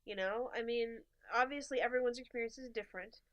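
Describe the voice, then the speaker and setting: Brief: woman podcast co-host, higher voice, chatty and animated storyteller. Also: fairly quick, lo-fi sound. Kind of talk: casual chat.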